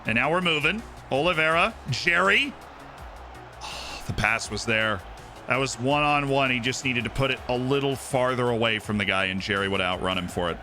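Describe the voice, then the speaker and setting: A man live-streaming a football manager game, commenting on the match like a sports caster and bursting into shouts at goals. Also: medium pitch, normal speed. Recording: game music clearly playing behind. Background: game music.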